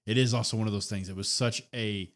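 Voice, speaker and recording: A man's voice: on the low side, fairly even intonation, fast talker. A man co-hosting a wrestling podcast, chiming in with short, laid-back remarks in casual chat.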